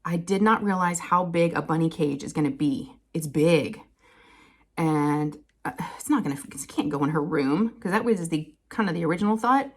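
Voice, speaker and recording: A woman, chatting casually to her viewers and telling an animated family story with frequent laughter. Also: moderate pace, slightly rough. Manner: chatty, animated, laughs often, quotes people in higher voices. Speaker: crafting channel host.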